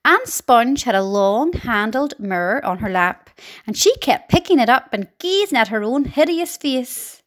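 A woman reading a children's storybook aloud in an expressive, dramatic way. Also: on the high side, measured pace.

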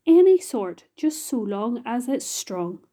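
An earnest young boy from a storybook, as a woman reading aloud puts him on, thoughtful and steady. Her voice is a bit raised, with a mellow tone and a slow, careful pace. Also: fairly high pitch, full character voice. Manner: earnest, quiet then firm.

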